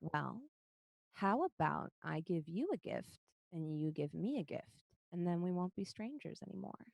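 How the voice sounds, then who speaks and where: A woman voicing a pale, ethereal female stranger who speaks softly and gently. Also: fairly low pitch, expressive, unhurried, vocal fry, no echo, full character voice. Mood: coaxing. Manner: soft, gentle.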